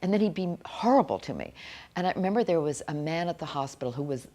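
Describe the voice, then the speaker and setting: A middle-aged woman giving an earnest, halting personal account in an interview, often restarting her sentences. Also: sits low, animated, warm tone. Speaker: author interviewee.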